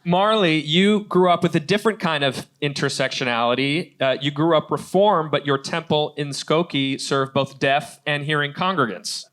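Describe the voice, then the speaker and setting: A man's voice: a little high, moderate pace, few pauses, a bit bright. Upbeat male talk show host. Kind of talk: interviewing guests on a live talk show. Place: TV studio with a live audience.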